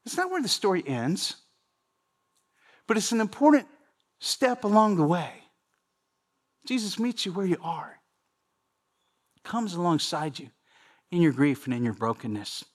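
A man's voice: sits high, sing-song, measured pace, pauses often. A man preaching a sermon in a conversational way, often repeating phrases and speaking straight to the congregation. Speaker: pastor.

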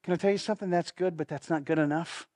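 High-voiced pastor preaching. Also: male voice, fairly even intonation, fast talker, darkish tone, no room sound, studio quality. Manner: earnest, leads congregation in call-and-response. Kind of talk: sermon.

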